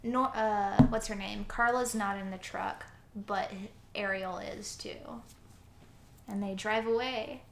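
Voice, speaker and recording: A young woman co-hosting a podcast retells a story in casual chat, animatedly acting out the quoted lines. She speaks slowly in a mid-range voice with vocal fry, in an echoey room with faint noise.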